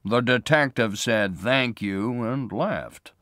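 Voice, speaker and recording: A man playing a patient small-town sheriff who asks questions in a measured way. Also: medium pitch, a bit bright, no room sound, studio quality, voice pushed up. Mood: explaining.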